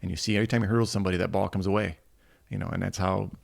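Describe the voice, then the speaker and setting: A man's voice: low-pitched, rapid-fire, gravelly, no echo. A middle-aged man from Michigan, a football coach, telling stories in a casual interview and acting out the people he quotes. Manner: animated anecdotes, acting out quoted voices. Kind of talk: casual storytelling.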